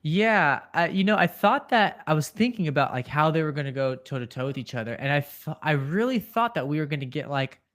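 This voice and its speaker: A man co-hosting a casual reaction podcast, talking in an excited, rambling way with lots of fillers, on a home mic over a live call. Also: fairly high pitch, a little fast, few pauses. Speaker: podcast co-host.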